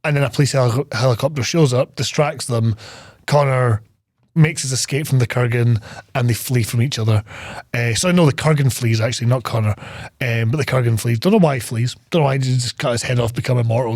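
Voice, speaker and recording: A man's voice: medium pitch, quick pace, darkish tone, no echo, studio quality. A man co-hosting a casual film podcast, recapping scenes in a rambling way, swearing often and laughing as he goes. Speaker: podcast co-host.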